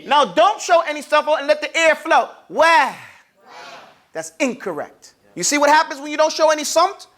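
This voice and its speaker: A man's voice: very high voice, lively intonation, a little fast, few pauses. A man teaching Arabic letter pronunciation, asking the class to repeat sounds after him and acting out each sound. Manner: demonstrates sounds, sometimes loudly.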